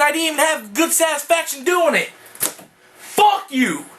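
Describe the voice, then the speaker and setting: A man with a strikingly high voice vents his fury at a comic in a video rant. His tone is bright and sharp, laced with swearing, and he keeps breaking into shouts. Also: lively intonation, moderate pace, pauses often, low-quality recording. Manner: furious, profane, bursts into shouting. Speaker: comic book vlogger.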